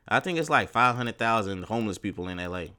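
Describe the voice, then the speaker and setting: A young man hosting a solo podcast, ranting in profane, animated street slang. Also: on the low side, fast talker, clear, resonant tone. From Texas, USA. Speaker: podcast host.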